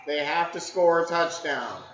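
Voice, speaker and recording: Male fan streamer, high voice, excitable play-by-play, echoey dull room, audible noise. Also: a little slow. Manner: excitable, shouts at big plays. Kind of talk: casual live game commentary.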